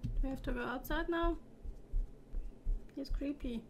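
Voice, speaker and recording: High-voiced nervous woman gaming. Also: measured pace, vocal fry, noisy background. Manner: nervous, talks to objects on screen. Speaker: let's play gamer. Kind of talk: horror game commentary. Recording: keyboard clicks and typing heard.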